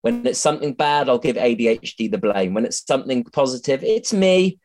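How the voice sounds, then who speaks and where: A man's voice: mid-range voice, brisk, a little mellow. A man, a comedian being interviewed on a podcast, chatty and self-mocking, swearing freely and often restarting his sentences. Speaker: comedian guest.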